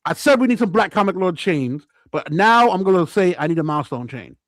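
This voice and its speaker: A man's voice: sits high, expressive, a little fast, a bit bright, no room sound. A man co-hosting a casual show, telling stories and acting out what people said in changing voices. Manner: acts out quotes in different voices, laughs a lot. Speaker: podcast co-host. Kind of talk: animated storytelling chat.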